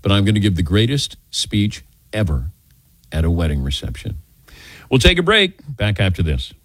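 A man's voice: low voice, sing-song, moderate pace, fairly bright tone, husky, dry recording. An older man hosting a call-in radio show, chatty and self-deprecating as he tells stories.

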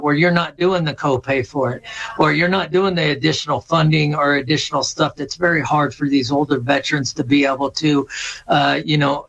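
Halting middle-aged man, fairly high voice. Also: creaky, fairly bright tone, poor audio. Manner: halting, many fillers and restarts. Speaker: veterans service officer. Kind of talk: radio interview guest.

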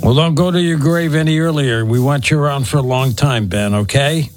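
A man's voice: mid-range voice, fairly quick, soft background music. A man hosting a radio talk show, asking a guest questions in a conversational way. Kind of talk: radio interview.

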